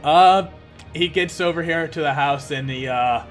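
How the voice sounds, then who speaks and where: A man narrating as game master of a tabletop game, casual and halting, with many fillers. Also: on the high side, faint music behind.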